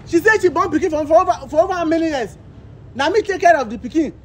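A man's voice: very high-pitched, lively intonation, fast, a little mellow. A man with a Nigerian Pidgin accent playing a betrayed husband in a comedy skit, indignant and exclaiming. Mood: outraged. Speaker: skit creator. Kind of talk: street comedy skit acting.

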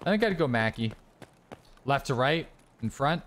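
A man's voice: mid-range voice, very animated, normal speed, a bit bright. A young man, streaming a shooter game with joking, swearing running commentary. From Canada. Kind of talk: casual gameplay commentary.

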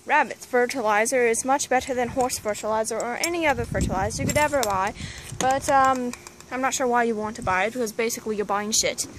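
High-pitched woman hosting a comic backyard vlog; dry, sarcastic delivery over a noisy outdoor recording. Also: quick pace. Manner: deadpan, sarcastic asides. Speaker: vlogger. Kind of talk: casual comedic garden tour. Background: neighbor's dog barking.

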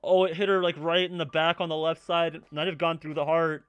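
A man casually reacting to an anime episode, excitable, swearing and laughing often as he talks. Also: a little high, brisk, smooth, no echo, lo-fi sound.

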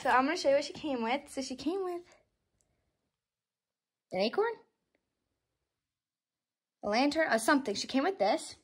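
A young woman unboxing a doll for her vlog, gushing and squealing with excitement and repeating exclamations. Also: high-pitched, normal speed, long pauses. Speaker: doll collector vlogger.

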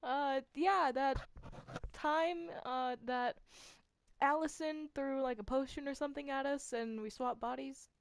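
A woman's voice: high-pitched, steady tone, unhurried, creaky, no echo. A woman voicing a nervous young female cartoon angel who stammers and apologizes in a flustered way. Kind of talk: fan voice roleplay.

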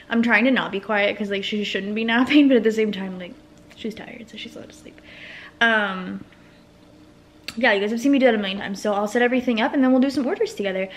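A woman's voice: mid-range voice, a little hiss or hum. A young woman talking casually in a home vlog, rambling with lots of fillers as she talks through her work. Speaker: small business owner and vlogger. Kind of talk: casual chatty vlog narration.

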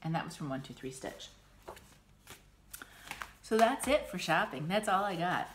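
A middle-aged American woman chatting casually and warmly about her stitching haul, gushing and emotional, restarting often. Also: fairly low pitch, sing-song, unhurried, noisy background. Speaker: cross-stitch vlogger. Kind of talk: casual chat.

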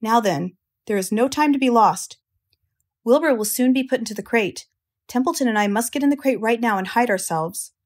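A woman doing a soft-spoken wise spider. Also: on the high side, normal speed, lightly acted. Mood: brisk. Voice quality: soft-spoken, calm, resolute. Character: wise gentle female barn spider.

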